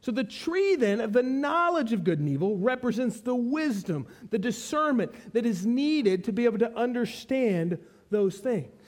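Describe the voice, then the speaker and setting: A man's voice: extremely high pitch, sing-song, normal speed. A man preaching an expository sermon, teaching with emphasis and repeating key phrases.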